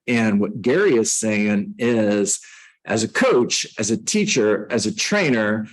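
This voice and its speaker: A middle-aged man with a medium-pitched voice coaches real estate agents, teaching a class on a book conversationally and making self-mocking jokes. The recording is rough.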